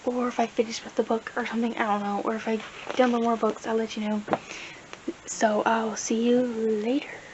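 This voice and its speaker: In a flat, somewhat high voice at a moderate pace, a young book vlogger rambles casually about her reading, peppering her chatter with fillers. Faint hiss runs through the dull lo-fi audio from her camera mic.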